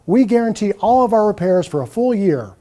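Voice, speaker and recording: A man's voice: very animated, a little fast, mellow. A man as a friendly plumbing boss on hold. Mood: reassuring. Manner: friendly, reassuring sales pitch. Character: small business owner recording phone greeting. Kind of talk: scripted on-hold message.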